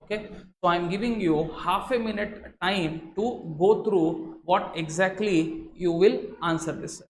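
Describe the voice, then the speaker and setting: A man's voice: high voice, measured pace. An Indian English-accented man teaches law to exam candidates, leaning on "sir" and switching his tone to make points. His voice echoes in a roomy space. Faint noise runs underneath. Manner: animated teacher, sprinkles "sir" and Hindi asides, shifts tone for emphasis. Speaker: law lecturer. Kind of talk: recorded exam-prep lecture.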